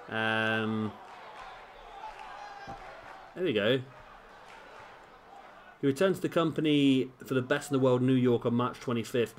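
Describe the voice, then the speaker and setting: A male game commentator with an everyday medium-pitched, fairly bright voice gives casual play-by-play, chatty and musing. He rambles and questions himself, with a faint hiss in the background.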